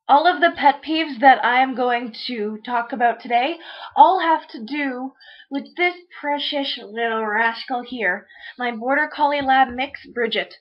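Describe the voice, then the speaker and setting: High voiced girl ranting on her vlog, swears a lot, kinda muffled lo-fi audio. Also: measured pace. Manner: blunt and profane, ranting. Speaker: vlogger. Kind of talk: casual rant vlog.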